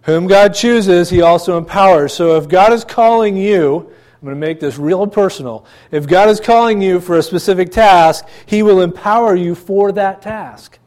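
A man preaching to a congregation in a church, his voice sitting a little higher than most men's. He talks in a loose, conversational way, asking rhetorical questions and tossing in asides as he goes. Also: normal speed, a little mellow. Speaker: pastor. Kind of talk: sermon.

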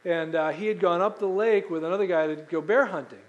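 Brief: middle-aged male pastor, high voice, lively preaching style, asks the room questions. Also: brisk, highs cut off. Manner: animated, asks the congregation questions; acts out quoted voices. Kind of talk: sermon.

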